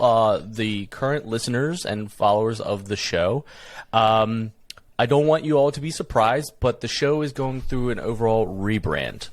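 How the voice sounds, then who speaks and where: Relaxed man hosting a podcast. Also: mid-range voice, no echo. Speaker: podcast host. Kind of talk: casual chat.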